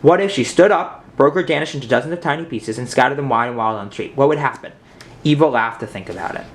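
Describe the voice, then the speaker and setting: A man reading a picture book aloud as narrator, with animated, expressive storytelling. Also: mid-range voice, fast, slight background noise.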